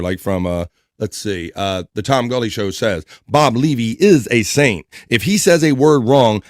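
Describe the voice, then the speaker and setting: A man's voice: on the low side, no room sound, studio quality. A man hosting a casual livestream, chatting and reading viewer comments aloud with frequent laughs. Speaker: livestream host.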